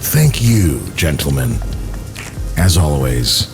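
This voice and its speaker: A man voicing the Whiskey God, a solemn male whisky deity, reading slow tasting notes in a mock Irish accent with a deep gravelly drawl. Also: sing-song, exaggerated voice. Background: music.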